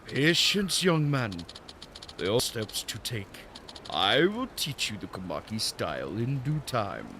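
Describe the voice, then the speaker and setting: A man's voice: medium pitch, big pitch swings, sharp tone, slight background noise, full character voice. A man voicing a pompous old male martial arts master in a clumsy mixed accent, reading game dialogue aloud. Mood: lofty. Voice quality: clumsy mixed accent, drifting toward Australian or Scottish. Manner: theatrical, drawn-out old-man delivery.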